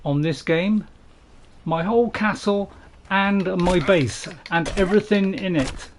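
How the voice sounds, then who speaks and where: This gaming streamer from the North of England has a high-pitched, unhurried voice, with slight background noise behind him. He rambles chattily to viewers during a casual gameplay stream, laughing at his own jokes.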